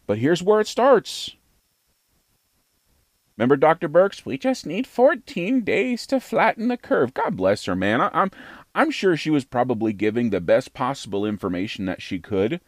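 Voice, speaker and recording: Brief: American male podcast host, lively swooping delivery, emphatic and rhetorical, dry close sound. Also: medium pitch, moderate pace, no echo. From United States. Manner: emphatic, rhetorical, repeats phrases for effect. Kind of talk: opinionated podcast monologue.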